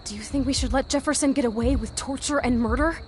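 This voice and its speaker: A woman's voice: sits high, fast, slight background noise, lightly acted. A woman voicing a blunt, rebellious teenage girl who swears freely. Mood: earnest. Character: brash rebellious teen girl. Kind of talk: game voice acting.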